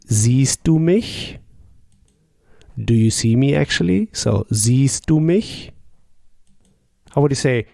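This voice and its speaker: A man's voice: medium pitch, creaky, warm tone, dry recording, studio quality. A man teaching a language lesson, patiently asking questions and modelling the answers. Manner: explains slowly and patiently, models each answer. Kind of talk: slow, patient language lesson with pauses for the listener.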